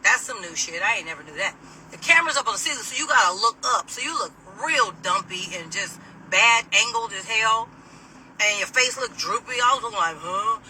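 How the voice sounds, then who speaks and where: A woman vents in an animated, indignant monologue, swearing freely as she drives. Her voice is piercing and forceful. She sits a little back from the phone, with a faint hum of the road underneath. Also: on the high side, fairly quick. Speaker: vlogger. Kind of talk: casual venting monologue. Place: in a moving car. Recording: distant mic, faint road noise.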